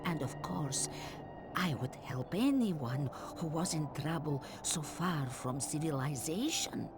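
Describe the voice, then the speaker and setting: A gentle old mountain hermit. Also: female voice, low voice, expressive, music in the background, heavily acted. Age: older. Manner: slow, gentle, soft-spoken. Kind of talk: game voice acting.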